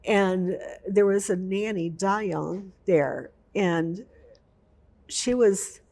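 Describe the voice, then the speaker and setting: A woman's voice: mid-range voice, very slow, vocal fry, a little mellow. A woman veteran telling an emotional personal story in an interview, vividly and with repetition. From United States.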